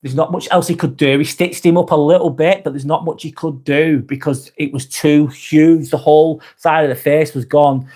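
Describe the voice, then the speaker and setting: A man's voice: on the high side, steady tone, normal speed, hardly any pauses, darkish tone. A man hosting a live vlog, talking frankly and earnestly, swearing often and restarting his sentences. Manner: earnest and sympathetic. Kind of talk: casual live-stream chat.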